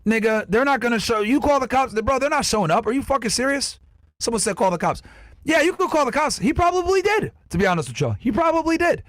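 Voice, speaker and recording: A man's voice: very high voice, lively intonation, fast, fairly bright tone, no echo. A man arguing in a mocking, combative way during casual chat.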